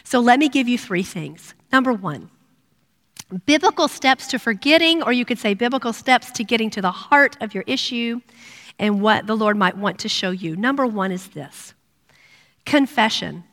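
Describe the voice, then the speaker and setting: A woman's voice: fairly high pitch, expressive, unhurried. Earnest woman preaching in a reverberant hall. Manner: earnest, drops to a hush for prayers. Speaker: women's ministry speaker. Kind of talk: sermon.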